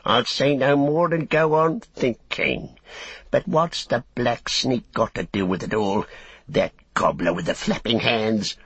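A man's voice: medium pitch, unhurried, a bit bright, slightly rough, no echo, voice pushed up. A man voicing a small, sly orc tracker who snarls and whines. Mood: sneering. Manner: snarling, whining.

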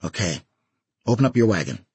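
A husky-voiced man voicing a crude, bossy middle-aged explosives seller who teases a lot, in a dry recording. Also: on the low side, very animated, brisk, darkish tone, no room sound, exaggerated voice. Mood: matter-of-fact.

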